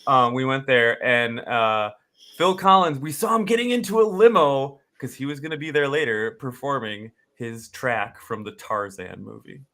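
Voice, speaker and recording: Lively, bright-voiced joking man. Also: medium pitch, moderate pace. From Wisconsin. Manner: loud, jokey, breaks into silly voices and singing. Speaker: podcast co-host. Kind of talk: casual chat.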